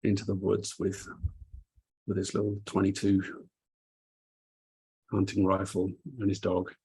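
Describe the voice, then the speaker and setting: A man player narrating a flashback in a tabletop game, halting and repeating words. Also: deep voice, monotone, a little mellow, breathy edge, rough recording.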